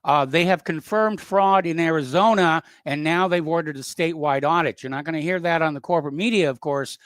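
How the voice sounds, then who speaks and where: Calm, slightly high-voiced radio host man. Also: fairly quick, no room sound. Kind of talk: talk radio hosting.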